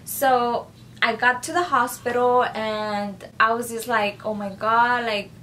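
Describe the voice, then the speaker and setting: A woman's voice: on the high side, steady tone, slow pace, sharp tone, slight background noise. A young woman vlogger recounting a personal story in a casual, rambling way, with many fillers and repeated phrases, subdued after an injury.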